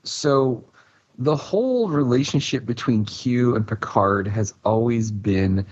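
A man on a podcast panel, talking in an animated, rambling way and acting out his own reactions. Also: medium pitch, slow pace, lo-fi sound. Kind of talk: casual podcast chat.

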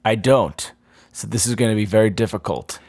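A man casually chatting while playing a tabletop role-playing game, easygoing and quick to laugh. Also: on the low side, darkish tone, slightly rough, dry recording, clean studio sound. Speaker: player.

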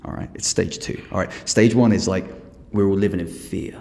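A man's voice: low-pitched, a little fast, vocal fry. A man with an English accent, a podcast guest telling stories in casual chat, swearing freely and acting out what people said. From England. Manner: animated storyteller, swears freely, acts out quotes. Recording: echoey room with long reverb.

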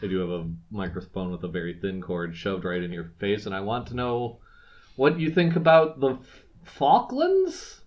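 A man's voice: sits low, a little fast, lo-fi sound. A man co-hosting a casual podcast, chatty and rambling, with many fillers and restarts. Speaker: podcast co-host. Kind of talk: casual chat.

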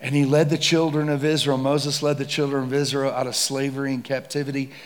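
A man preaching a casual, slangy sermon that builds to shouts. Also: medium pitch, flat delivery, a little fast. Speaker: pastor.

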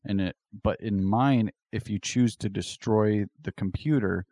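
A man with a very deep, mellow voice on a casual podcast. He speaks hesitantly and stumbles over the starts of sentences. The recording is dry and close. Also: measured pace, no room sound. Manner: hesitant, stammering. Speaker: podcast co-host. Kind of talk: casual chat.

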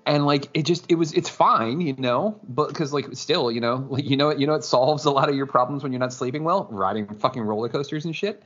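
Husky-voiced man chatting casually. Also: mid-range voice, a little fast, hardly any pauses, fairly bright tone, lo-fi sound. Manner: laid-back, profane, filler-heavy. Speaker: podcast co-host. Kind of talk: casual chat.

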